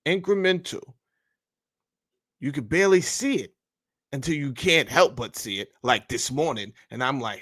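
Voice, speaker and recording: A man's voice: mid-range voice, animated, normal speed, long pauses, a bit bright, slightly rough. A man hosts a podcast, talking through a bill in a loose, fired-up way. He is blunt and profane and keeps calling the listener bro. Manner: heated, blunt and profane, says bro a lot. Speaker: podcast host. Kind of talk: casual commentary reading a bill aloud.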